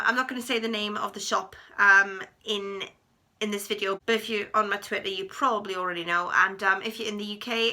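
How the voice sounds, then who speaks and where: A woman in her thirties telling a personal story to camera in a chatty, animated way, acting out what people said. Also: mid-range voice. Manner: chatty, animated retelling with acted quotes. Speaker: vlogger. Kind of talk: storytime vlog.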